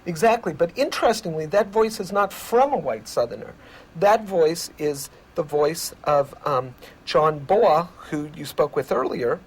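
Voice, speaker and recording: A male researcher giving measured, lecturing explanations in an interview. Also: fairly high pitch, expressive, slightly rough. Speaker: communication researcher.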